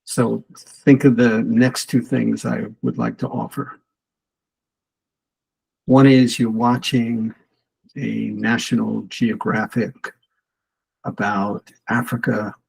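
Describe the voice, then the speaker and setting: Male podcast guest, raspy and gravelly, earnest storyteller. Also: on the low side, a little mellow, poor audio. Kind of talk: storytelling in casual conversation.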